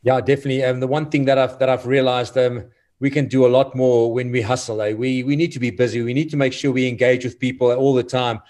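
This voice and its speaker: A man's voice: mid-range voice, little pitch movement, quick pace, darkish tone. A man being interviewed, talking in an earnest, motivational way. He halts and repeats words as he goes. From South Africa. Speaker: guest, former rugby player. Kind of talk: casual interview chat.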